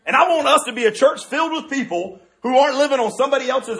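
A male pastor preaching a sermon in an animated, joking way, with many restarts. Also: very high-pitched, fast, few pauses.

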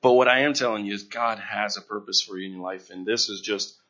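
A man, a missionary, tells his story to a gathered audience in a halting, earnest, emotional way, repeating words when moved. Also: on the low side, pushed and bright. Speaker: missionary sharing his testimony. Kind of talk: emotional personal testimony to a gathering. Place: room before a gathered audience. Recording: dull lo-fi recording.

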